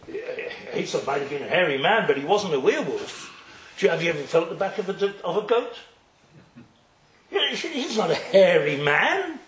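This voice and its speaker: A man with a high, swooping voice leads a Torah class. He tells the story with animation, slipping into the characters and peppering his listeners with questions. The room around him rings with echo. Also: normal speed, background noise. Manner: animated, acts out the characters, asks rhetorical questions. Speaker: religious teacher.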